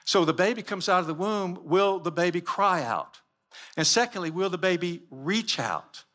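A man's voice: sits high, animated, normal speed, fairly bright tone. A man giving a sermon-style teaching with slides, emphatic and full of repeated rhetorical questions. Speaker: Christian teacher.

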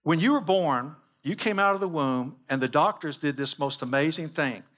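A man's voice: fairly high pitch, normal speed, a bit bright. A man giving a sermon-style teaching with slides, emphatic and full of repeated rhetorical questions. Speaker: Christian teacher.

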